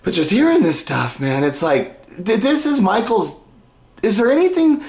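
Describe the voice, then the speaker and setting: A man's voice: high voice, very animated, moderate pace, darkish tone, reverberant. Rambling man reacting to clips. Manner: rambling, sighs and laughs, restarts. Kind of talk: casual reaction commentary.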